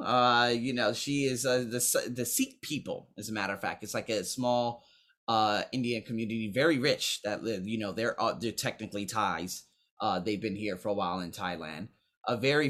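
A young man telling a casual, profane story about friends, animated and quoting people in raised voices. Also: mid-range voice. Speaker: vlogger.

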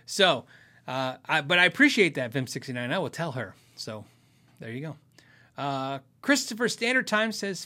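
A man's voice: a little high, very animated, moderate pace, sharp tone. A man hosting a casual live chat, reading viewer questions aloud and rambling candidly, with frequent self-interruptions. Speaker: host of a gear channel livestream.

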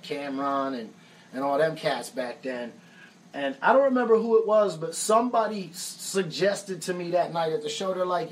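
A man's voice: on the high side, far from the mic, poor audio. An American musician and songwriter telling stories casually on a live stream, laid-back and profane, saying "man" often. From United States. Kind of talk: casual storytelling.

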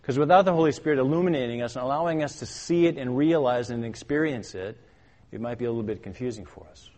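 An older man preaching a sermon as a pastor. He speaks with emphasis, asks his listeners questions and builds to loud, urgent commands. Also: medium pitch, fast talker. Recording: long hall reverb.

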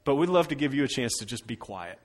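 A middle-aged male pastor delivering a sermon at a middling pitch. He moves from strong, raised lines into soft, drawn-out ones and back again. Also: big pitch swings. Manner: shifts between loud emphasis and hushed, slowed phrases.

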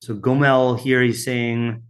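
Male teacher, mid pitch, reads scripture aloud, talks loose and unscripted with lots of ums and asides. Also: level tone, takes it slowly. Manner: reads translations, stops often with fillers and asides. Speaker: Bible study teacher. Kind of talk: informal text study, reading aloud.

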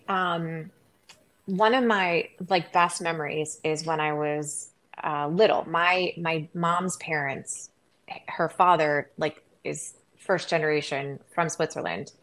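A middle-aged woman from Wisconsin chatting as a guest on an interview show, talking quickly with lots of "like" and restarts. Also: low voice, fairly bright tone. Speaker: guest, sports anchor. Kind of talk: casual interview chat.

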